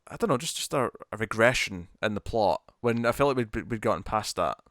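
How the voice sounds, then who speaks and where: A man co-hosting a casual review chat, animated, with many quick restarts and repeated words. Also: on the low side, no echo, studio quality. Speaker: podcast co-host.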